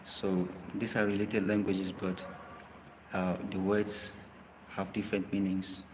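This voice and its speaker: A man's voice: low-pitched, completely flat delivery, measured pace, darkish tone, long reverb tail, slight background noise, rough recording. A man teaching a language lesson, hesitant with many fillers, spelling words out letter by letter. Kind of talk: live language lesson talk.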